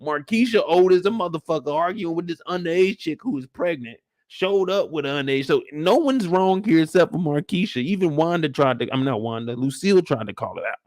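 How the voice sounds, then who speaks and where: A man's voice: fairly high pitch, lively intonation, brisk, few pauses, darkish tone, dry recording, clean studio sound. A young adult man hosting a casual, slangy TV recap who acts out scenes as he goes. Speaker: show recap host.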